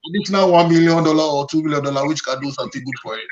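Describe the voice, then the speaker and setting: A man's voice: fairly high pitch, very fast, crowd noise. A man arguing his points on a panel, emphatic and repetitive. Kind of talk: opinionated panel discussion. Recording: dull lo-fi sound.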